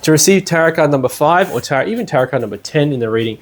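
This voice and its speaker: A man teaching a class at a study centre in a relaxed, conversational way, often checking in with the room with "yeah?" and "you know". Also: a little high, very fast. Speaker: lecturer at a spiritual study centre. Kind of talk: casual classroom lecture. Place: indoor classroom.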